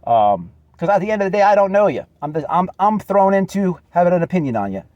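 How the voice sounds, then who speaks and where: Earnest high-voiced man with drawl. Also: sing-song, quick pace, no echo, highs cut off. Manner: earnest, repetitive, calls listener "man" often. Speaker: channel host. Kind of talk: direct address video message.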